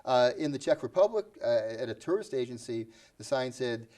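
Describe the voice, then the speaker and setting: A man's voice: medium pitch, lively intonation, brisk, few pauses, warm tone. A man hosting a casual educational talk show, chatty, asking his co-host questions and laughing often.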